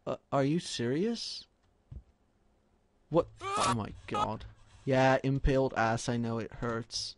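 A man doing let's play commentary, muttering low and then breaking into loud frustrated shouts. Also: big pitch swings, takes it slowly, long pauses, slight background noise. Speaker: gaming commentator.

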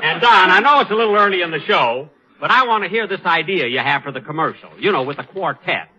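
Vain comic host, a man with a lively, high-pitched voice, 1940s radio comedy, dull old recording. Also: fast, background noise. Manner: vain, easily flustered, indignant.

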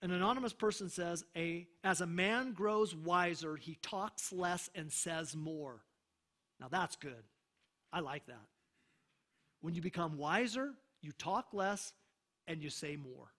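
A man preaching a sermon as pastor, emphatic, slowing down for scripture readings and checking in with the congregation. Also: fairly high pitch, animated, sharp tone.

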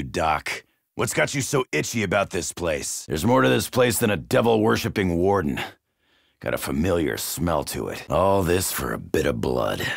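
An actor playing a cocky, crude middle-aged American marine in a video game, with a gravelly voice and a brash, shouty, wisecracking manner. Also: male voice, low-pitched, dry recording, clean studio sound, heavily acted. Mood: gruff.

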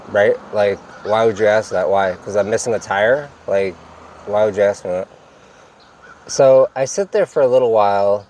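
Young guy with a lowish voice telling a storytime, acts out the quotes, faint hum behind. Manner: animated, acts out quotes, laughs between lines. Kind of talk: casual storytime monologue.

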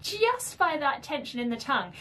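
Bright, animated woman vocal coach. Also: sits high, moderate pace, a little hiss or hum. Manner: enthusiastic, explains technique with sung demonstrations. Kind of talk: reaction with vocal analysis.

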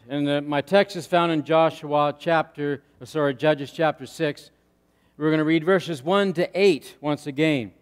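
A middle-aged male pastor preaching a sermon, telling stories and getting louder and higher as they build. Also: clean tone, big-room sound. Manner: storytelling, rising loud and high in anecdotes. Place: church sanctuary.

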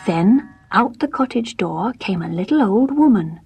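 A woman storyteller reading a fairy tale aloud in gentle, measured, soft-spoken scripted narration. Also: on the low side, animated, creaky, husky.

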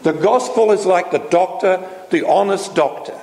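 A man's voice: high voice, moderate pace, creaky, darkish tone. A man preaching a sermon with emphatic delivery and frequent rhetorical questions. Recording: echoey hall with faint noise.

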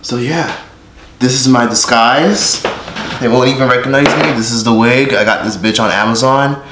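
A man's voice: mid-range voice, normal speed, fairly bright tone. Profane joking vlogger man. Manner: profane, joking, talks to viewers directly. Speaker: YouTuber vlogger. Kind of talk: casual vlog to camera. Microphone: phone held by hand. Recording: echoey room, faint noise.

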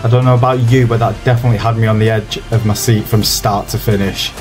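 A man's voice: lowish voice, steady tone, quick pace, a little mellow. A man commenting on a horror game as he plays, reacting with jumpy, sweary outbursts over faint game music. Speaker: gaming video host.

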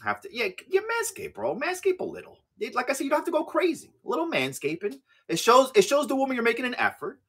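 A man hosting a casual livestream, joking crudely, laughing often and repeating words in quick bursts. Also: very high-pitched, huge pitch swings, fairly bright tone, husky. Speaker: livestream seller host.

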